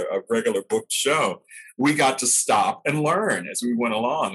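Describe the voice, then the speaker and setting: A man's voice: medium pitch, fairly bright tone, husky, poor audio. An older man, an actor being interviewed, telling stories of his early training, reflective and laughing at himself now and then. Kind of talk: storytelling in an interview.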